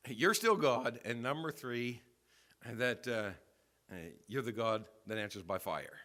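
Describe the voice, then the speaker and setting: A man pastor preaching a sermon in a church, telling a story with swings from quiet asides to loud emphasis. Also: mid-range voice, animated, a little slow. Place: church sanctuary.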